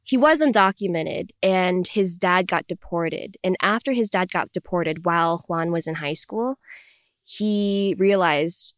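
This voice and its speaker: A woman's voice: fairly low pitch, a little slow, dry recording, clean studio sound. A young adult woman, a podcast guest, animatedly recounting a personal story in conversation. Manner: animated, acts out her parents' voices in quotes.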